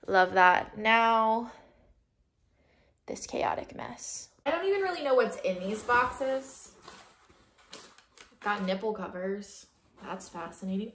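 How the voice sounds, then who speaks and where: A woman's voice: on the high side, lively intonation, slow, long pauses, a bit bright. A young woman, chatting casually to viewers as she cleans and tidies her home. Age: young adult. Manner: chatty, talks to viewers while tidying. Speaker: lifestyle vlogger. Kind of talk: casual cleaning vlog chat. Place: home, bathroom and closet. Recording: echoey room.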